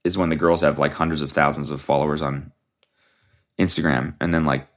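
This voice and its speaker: A man's voice: rumbling low, little pitch movement, fairly quick. A young man hosting a solo podcast, rambling casually with lots of swearing and restarts while sick. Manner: rambling, profane, trailing off and restarting. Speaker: podcast host.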